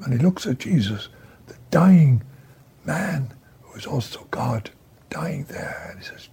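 A man preaching a sermon in a breathy voice that often drops to a whisper, emphatic, swinging from hushed to raised. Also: a little high, animated, measured pace.

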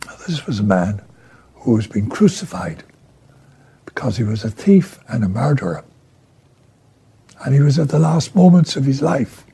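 A man preaching a sermon in a breathy voice that often drops to a whisper, emphatic, swinging from hushed to raised. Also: medium pitch, big pitch swings, moderate pace, pauses often.

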